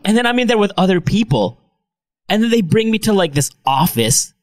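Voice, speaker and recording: A man from the United States telling a story in a casual chat, animated, acting out other people and laughing often. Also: high voice, a little fast.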